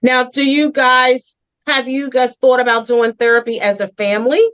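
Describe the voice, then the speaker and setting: A woman's voice: high voice, little pitch movement, normal speed, a bit bright, clean tone, highs cut off. A woman host and community advocate with a Philadelphia accent, telling a heartfelt story in an earnest, emphatic way on a TV interview show.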